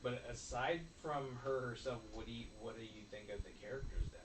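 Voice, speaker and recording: A man's voice: mid-range voice, a little fast. A man co-hosting a casual chat, reading out viewer comments and dropping in dry questions. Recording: distant, roomy mic with clear noise.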